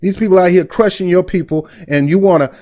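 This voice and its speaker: A man's voice: high-pitched, fast talker, warm tone. A middle-aged man hosting a commentary vlog, blunt and indignant, with street slang. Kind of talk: heated commentary.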